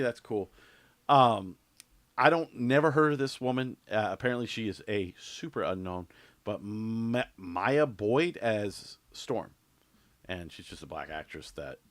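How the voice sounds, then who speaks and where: A man's voice: medium pitch, a bit bright, dry recording. A man co-hosting a podcast in casual chat, rambling and offhand with lots of fillers and restarts. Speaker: podcast co-host.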